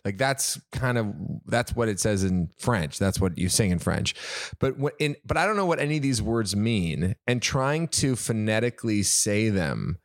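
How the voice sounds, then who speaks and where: Rambling, chatty musician guest. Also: male voice, fairly low pitch, moderate pace, dry recording, clean studio sound. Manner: rambling, animated storyteller, laughs often. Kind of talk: casual podcast chat.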